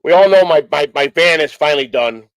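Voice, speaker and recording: A man's voice: fairly high pitch, a little fast, smooth, no room sound, low-quality recording. Rambling, earnest man talking. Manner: rambling, repeats phrases, many restarts; earnest and emotional. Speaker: host of a morning stream show. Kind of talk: casual rambling talk.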